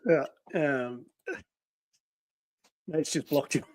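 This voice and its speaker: Speaking very slowly in a fairly high voice, an Australian man co-hosts a relaxed livestream and reads out comments from viewers. He uses plenty of fillers and laughs frequently, and there's no room sound in the clip.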